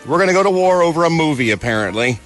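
A man's voice: on the high side, expressive, racing, a bit bright. A man reading entertainment news on a radio morning show, with wry, sarcastic asides. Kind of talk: casual radio news banter. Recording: radio broadcast with faint music bed.

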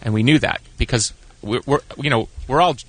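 A man's voice: mid-range voice, brisk. A middle-aged man, a guest musician, speaking reflectively and with dry humor in a casual studio interview.

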